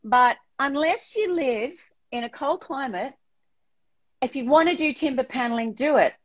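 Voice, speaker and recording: A woman's voice: high-pitched, lively intonation, normal speed. An Australian interior designer woman chatting bluntly and theatrically on a live stream, calling everyone darling and swearing mildly. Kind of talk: casual live-stream chat. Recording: dull lo-fi stream audio.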